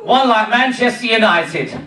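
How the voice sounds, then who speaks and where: A man's voice: very high voice, expressive, a little slow, noisy background. A man impersonating a cheeky old-time music-hall comedian, telling saucy jokes to a party crowd with an English accent. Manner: brash, cheeky, playing to the crowd. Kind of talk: stand-up comedy routine. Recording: echoey hall, crowd laughter, far mic. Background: crowd laughing.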